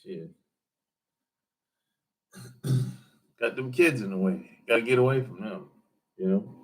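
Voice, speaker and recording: A man's voice: lowish voice, slow pace. A man hosting a livestream, chatting casually and loosely, joking, answering viewers and mimicking how other people talk. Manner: loose, joking, talks back to chat, laughs often. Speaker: livestream host reading chat.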